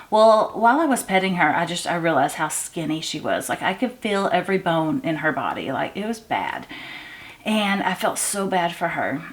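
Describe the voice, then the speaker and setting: A woman vlogger chatting casually at home while she works on a craft, rambling with many fillers and restarts. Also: medium pitch.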